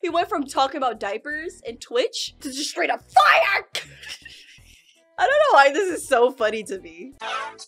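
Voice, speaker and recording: Young woman, high voice, very lively pitch, giggly reaction commentary, clear music behind. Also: moderate pace. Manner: giggly, often bursting into laughter. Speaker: YouTuber reacting to clips. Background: game music clips.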